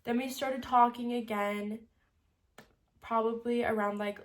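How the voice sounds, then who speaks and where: A woman's voice: on the high side, fairly even intonation, unhurried. Emotional young woman telling a story. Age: 20s. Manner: emotional, on the verge of tears, laughing through it; frequent "like" fillers, trailing soft endings. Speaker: vlogger. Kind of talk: casual confessional storytime.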